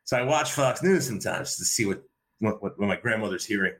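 A man's voice: fairly low pitch, lively intonation, brisk, fairly bright tone, a little hiss or hum. A man talking casually as a podcast guest, rambling with many repeated fillers and restarts. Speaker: podcast guest, wrestling commentator. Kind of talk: casual conversation.

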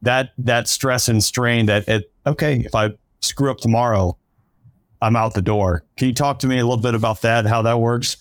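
A man's voice: medium pitch, fairly even intonation, moderate pace, no room sound. A man hosting a podcast, asking a long, loose question full of fillers in casual interview talk. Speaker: podcast host.

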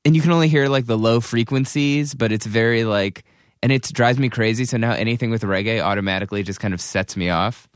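A man's voice: medium pitch, fast, clear, resonant tone, no echo. Rambling male podcaster, dry close mic. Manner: rambling, hesitant, restarts. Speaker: podcast co-host. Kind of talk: casual chat.

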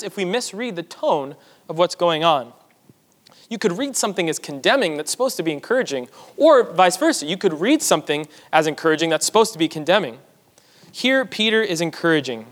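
A man's voice: high-pitched, a bit bright. A man preaching a sermon to his church, teaching in a conversational way with asides to the congregation. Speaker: pastor. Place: church sanctuary. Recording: long hall reverb.

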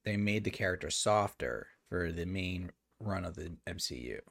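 Brief: man, lower voice, eager explainer, dry room. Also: expressive, moderate pace, gravelly, fairly bright tone, no room sound. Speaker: podcast co-host. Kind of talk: casual chat, movie review.

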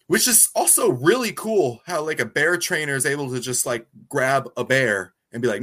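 A man's voice: normal speed, few pauses. A man co-hosting a podcast, giggling and reacting expressively while recapping a movie. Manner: giggly, expressive, jumps up in pitch when reacting. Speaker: podcast co-host. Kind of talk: casual chat recapping a movie.

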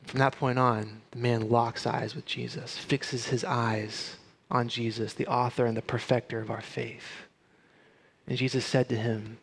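A pastor preaching a conversational sermon. He drops into soft, hushed retelling and rises into urgent pleading. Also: medium pitch, level tone, moderate pace, vocal fry, breathy edge.

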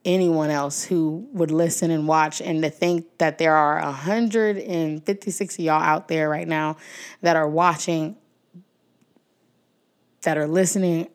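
With a low-pitched, steady voice and a measured pace, a young podcast host delivers a casual, heartfelt outro. She's warm and emotional, uses lots of fillers, thanks her listeners often, and calls them "y'all."

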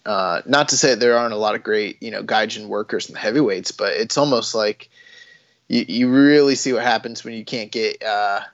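A man's voice: lowish voice, fairly quick, no room sound. Rambling man on a dull, dry recording. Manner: rambling, many fillers and restarts. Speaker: podcast co-host. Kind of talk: casual wrestling chat.

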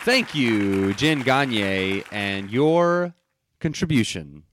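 A man hosting a podcast in casual chat, joking and rambling through quick asides. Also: medium pitch, expressive, background noise. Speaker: podcast host.

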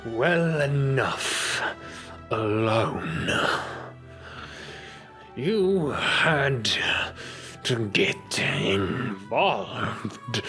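A man voicing a frantic, raging male vampire mayor who speaks in slow, drawn-out, contemptuous menace. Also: on the low side, sing-song, pushed and bright, soft background music, heavily acted. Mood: menacing.

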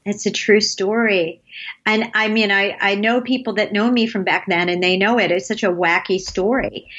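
This interview guest, an advertising creative in her late fifties, rambles through casual stories and laughs frequently. Her mid-range voice is steady, slightly rough and a bit bright, at normal speed, with highs cut off in the audio.

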